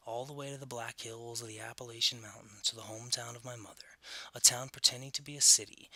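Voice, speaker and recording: A man's voice: medium pitch, creaky, pushed and bright, no echo. A man from the Southern United States narrating his own scripted documentary in an earnest, reflective way.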